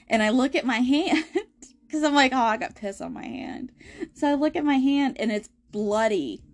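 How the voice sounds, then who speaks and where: A young adult woman with a medium-pitched voice hosts a podcast, recounting a hard personal story in a casual, candid way. She swears freely and laughs through the grim parts.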